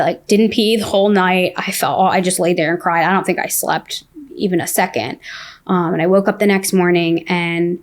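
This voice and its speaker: A young adult woman telling a personal story in casual speech, full of "like" and quick restarts. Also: lowish voice. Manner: fast, filler-heavy telling with many "like"s. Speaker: guest sharing her story.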